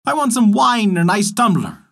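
A man voicing a greedy, demanding male frog in a storybook tale, shouting and croaking his orders. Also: high-pitched, sing-song, moderate pace, pitched above the performer's own voice, full character voice. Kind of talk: storybook character voice.

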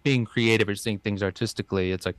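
Low-voiced musician guest, dry sound. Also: male voice, fairly even intonation, quick pace, dry recording. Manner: earnest, repeats words while thinking. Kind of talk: casual interview chat. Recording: dry close mic, remote call.

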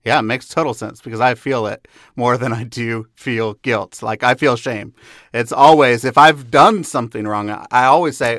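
A man's voice: medium pitch, unhurried, no room sound. Sincere man, dry close sound. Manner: sincere, softly affirming, heartfelt. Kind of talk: casual faith conversation.

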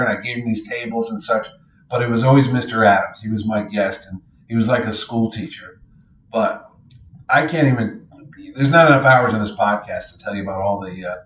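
A middle-aged man, a convention organizer, telling lively anecdotes in casual podcast style and acting out what others said. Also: mid-range voice. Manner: animated anecdotes, acts out others' lines. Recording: roomy echo.

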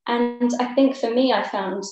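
A woman's voice: on the high side, fairly even intonation, measured pace, lo-fi sound, music in the background. Young lady chatting about dance, lots of ums, echoey room. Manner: thoughtful, with many ums and soft laughs. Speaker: guest, ballet dancer. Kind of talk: casual interview chat.

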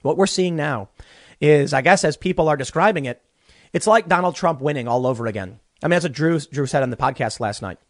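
A man's voice: on the high side, fairly quick, no room sound. A young man hosting a political commentary show from a small closet studio, ranting animatedly and stammering through repeated words. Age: young adult.

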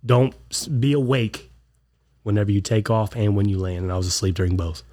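A man with a lowish, warm voice talks a little fast as he co-hosts a casual podcast. He sounds congested from a clogged ear. He tells his stories loosely, acting out what others said.

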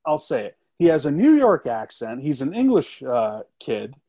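A man's voice: medium pitch, wildly swooping pitch, moderate pace, mellow, slightly rough. A man, a film critic guest, talking emphatically in a casual review chat. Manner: emphatic, with filler-heavy restarts.

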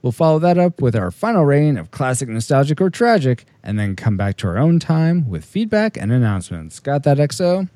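Male podcast host; playful, jokey, mellow, dry close mic. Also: medium pitch, very animated, brisk, hardly any pauses, no room sound. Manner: playful, jokey, reads segment intros. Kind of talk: casual chat with scripted segments.

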